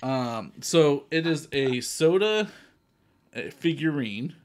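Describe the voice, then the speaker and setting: A man's voice: on the high side, lively intonation, slow pace, no echo. A man from Texas co-hosting a podcast, telling a story in casual chat, swearing freely and acting out quoted voices. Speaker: podcast co-host.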